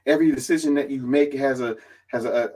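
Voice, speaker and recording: A man's voice: mid-range voice, quick pace. A man casually recapping events as a podcast guest, swearing freely and acting out what others said. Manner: animated and profane, acting out others' lines in quotes. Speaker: reality competition contestant and guest.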